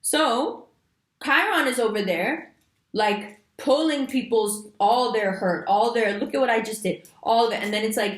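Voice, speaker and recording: An astrology reader delivers the month's horoscope to camera in a fairly high, lively voice, speaking a little slowly. She addresses her viewers directly and emphatically, dropping into casual slang now and then. A clear echo comes back from the room she's in.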